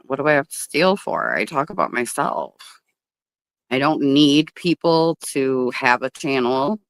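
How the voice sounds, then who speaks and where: A woman hosting a casual livestream, talking to viewers from a table outdoors. Her pitch swings widely as she chats, and she is blunt and swears freely. The sound is dry, with little echo. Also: smooth. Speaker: livestream host.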